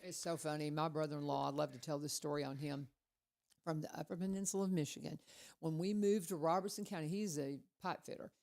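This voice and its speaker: Lady radio host, low voice, rambling chatty stories. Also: quick pace, creaky. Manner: chatty storyteller, animated. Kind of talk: casual radio chat.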